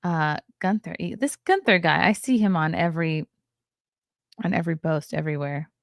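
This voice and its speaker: A woman's voice: sits low, normal speed, no echo, clean studio sound. A tired, yawning woman hosting a podcast, chatting casually with her viewers and rambling between comments from the chat. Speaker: podcast host.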